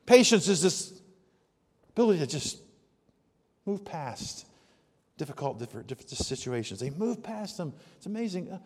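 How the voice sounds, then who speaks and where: A man preaching a sermon, telling stories and moving from hushed asides to loud, emphatic outbursts. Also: a little high, big pitch swings, normal speed, long pauses, big-room sound. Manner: storytelling, swings from soft asides to loud exclamations. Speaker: pastor.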